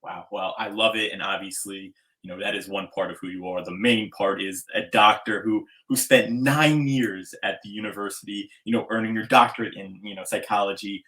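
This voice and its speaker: A man's voice: fairly low pitch, steady tone, moderate pace, few pauses, sharp tone. A man hosting a podcast interview, talking in an effusive, enthusiastic way, with hype-style introductions. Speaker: podcast host.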